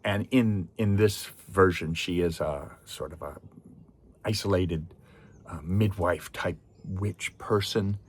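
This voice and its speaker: A man's voice: low voice, slow, slightly rough. A man giving a chatty, digressive film review in which he animatedly retells the story. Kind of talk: casual spoken review.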